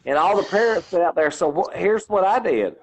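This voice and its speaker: A middle-aged man with a Southern accent, co-hosting a casual chat and telling loud, profane stories. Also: animated, a little fast, muffled recording, background noise. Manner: loud, profane storytelling, acting out his own coaching lines in a deep growl. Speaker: co-host.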